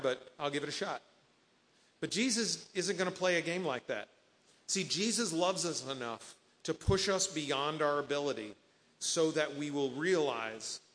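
A man's voice: a little high, a bit bright, long reverb tail. A man preaching a sermon as pastor, earnest, quoting scripture and voicing the people in his stories.

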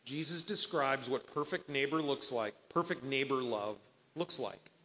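A man's voice: mid-range voice, a little slow, pushed and bright, long reverb tail, a little hiss or hum. A man preaching a sermon as pastor, earnest, quoting scripture and voicing the people in his stories.

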